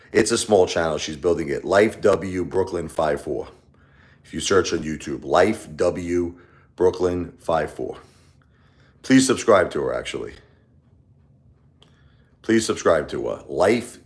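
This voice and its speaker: A man hosting a casual live stream, talking in a rambling, repetitive way and lashing out at his critics. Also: deep voice.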